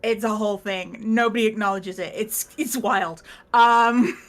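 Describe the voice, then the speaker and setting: In a steady, mid-range voice and an unhurried pace, a woman casually recaps the last session of a tabletop game. She rambles, laughing and swearing as she quotes the characters.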